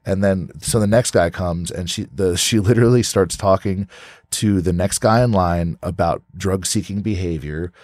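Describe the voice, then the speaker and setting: A deep-voiced man from California talks as a podcast guest, recorded close and dry. He tells his story loosely. He keeps saying "like", restarts his sentences and swears freely. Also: moderate pace, a little mellow, no echo. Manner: rambling, peppered with "like", frequent restarts and swearing. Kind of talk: casual storytelling.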